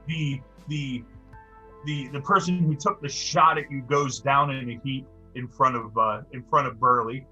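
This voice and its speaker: A man narrates a tabletop game as its game master, his voice bright and forceful. He talks in a halting way, tripping over and repeating words as he describes what happens. His pitch sits in the middle of the male range. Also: steady tone, slightly rough, highs cut off, faint music behind.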